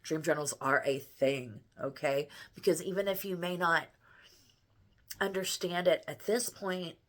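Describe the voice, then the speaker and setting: A middle-aged woman with a notably low voice shares a personal story straight to camera from home. She speaks earnestly and rambles, circling back on herself with frequent restarts and fillers, in the manner of a spiritual vlogger. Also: measured pace, a bit bright. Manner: earnest, rambling, with many restarts and "you know".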